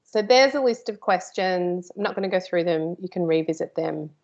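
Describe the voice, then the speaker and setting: A woman's voice: fairly low pitch, normal speed, a little mellow, muffled recording. A woman teaching a live workshop, chatty and informal, with playful asides to her host. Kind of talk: live online workshop presentation.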